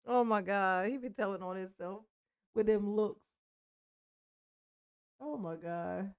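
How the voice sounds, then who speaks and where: A woman's voice: medium pitch, takes it slowly, long pauses, clean tone, dry recording, clean studio sound. A woman giving blunt, profane reaction commentary, laughing often. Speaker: commentary host reacting to a clip.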